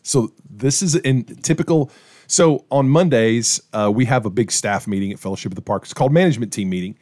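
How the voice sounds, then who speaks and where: A middle-aged man, a pastor, casually telling a story to his co-hosts with lively acted-out quotes. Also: mid-range voice, fairly quick, dry recording, clean studio sound. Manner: animated storyteller, acts out quoted voices.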